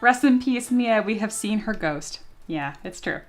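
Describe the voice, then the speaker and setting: A woman's voice: mid-range voice, lively intonation, unhurried, faint music behind. Giggly young woman streamer, swearing freely. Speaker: streamer and 3D sculptor. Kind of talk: casual live-stream chat.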